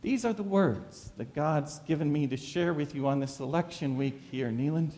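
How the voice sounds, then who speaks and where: A pastor preaching a sermon, full of dramatic rhetorical questions. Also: male voice, on the high side, normal speed, warm tone, big-room sound.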